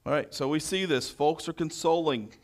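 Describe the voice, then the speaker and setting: A preacher delivers a sermon, reading scripture verse by verse before expounding on it, shifting between loud proclamation and hushed quiet. His voice is on the high side, at a normal speed.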